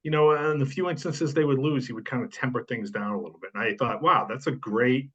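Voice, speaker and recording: Bright-voiced man telling long rambling stories. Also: medium pitch, a little fast, slightly rough. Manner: rambling storytelling with many fillers. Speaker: sports writer co-host. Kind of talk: casual podcast chat. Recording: dull lo-fi sound.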